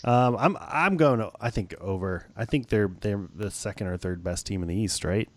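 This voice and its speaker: A man with a somewhat low voice chats casually about sports with a friend. He jokes, swears now and then and laughs often as he talks. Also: expressive, normal speed. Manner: joking, laughs often, loose and profane. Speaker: podcast co-host.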